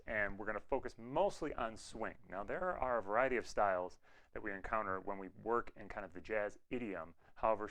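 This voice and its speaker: Low-voiced man teaching a jazz lesson. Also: a bit bright, rough recording. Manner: clear, patient explaining, scat-sings rhythm syllables. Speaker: music teacher.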